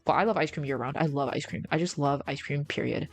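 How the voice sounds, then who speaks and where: A woman with a low voice and a gravelly fry chats casually on a livestream. She rambles in slang, calls her viewers bro and answers their messages, with faint music playing behind her. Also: fast. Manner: reads and answers chat. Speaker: streamer.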